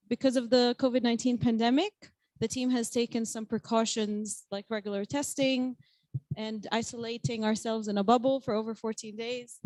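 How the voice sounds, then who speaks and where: Welcoming woman presenter, higher voice. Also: no echo. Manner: bright, welcoming. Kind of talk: presentation speech.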